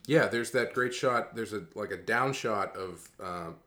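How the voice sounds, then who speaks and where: A man co-hosting a casual chat about a cartoon, relaxed and thoughtful, often trailing off mid-sentence. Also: on the low side, unhurried. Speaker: podcast co-host.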